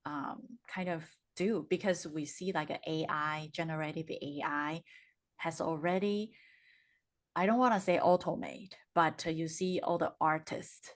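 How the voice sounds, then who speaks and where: A woman's voice: sits low, steady tone, measured pace. A woman hosting an interview over a video call, talking casually and hesitantly as she searches for words. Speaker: podcast host.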